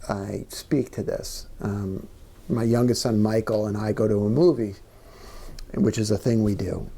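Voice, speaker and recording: A man's voice: lowish voice, gravelly, warm tone, husky. A middle-aged man, telling personal stories earnestly in an onstage conversation, sometimes dropping to a near-whisper. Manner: earnest storyteller, drops to near-whisper at times. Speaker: guest speaker. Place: small members' club event room.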